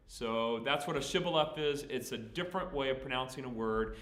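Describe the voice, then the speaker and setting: A man's voice: on the high side, fairly bright tone, roomy sound. A man with a Southern accent from Texas, a pastor answering questions in a folksy, plainspoken way with frequent fillers. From Texas, USA. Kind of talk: sermon Q&A.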